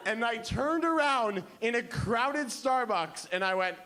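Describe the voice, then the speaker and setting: High-voiced man doing animated stand-up. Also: a little slow, hardly any pauses. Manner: animated storytelling, bursting into shouted punchlines. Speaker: stand-up comedian. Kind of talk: stand-up comedy set. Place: comedy club stage. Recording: noisy live club recording.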